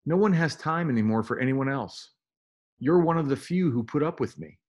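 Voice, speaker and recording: A man's voice: mid-range voice, lively intonation, normal speed, darkish tone, lightly acted. A man reading a novel aloud and voicing a curious, dreamy teenage girl who speaks eagerly and asks question after question. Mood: earnest. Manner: eager, wondering, full of questions.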